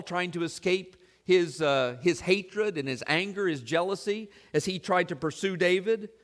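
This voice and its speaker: A man's voice: sits high, a bit bright. A man preaching as a church pastor, earnest and questioning, piling up long lists and repeating his questions to the congregation. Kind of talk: sermon.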